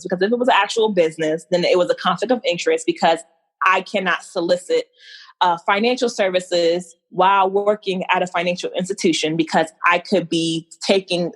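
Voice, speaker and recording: A woman from New Jersey, a guest in an interview, telling her own story in a lively way and acting out the lines of the people in it. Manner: animated, acts out quoted dialogue with big pitch swings. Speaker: entrepreneur guest.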